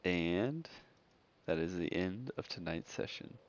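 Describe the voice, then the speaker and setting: A man's voice: low-pitched, expressive, slow, highs cut off. A man running a tabletop game session as game master, often laughing and tripping over his words.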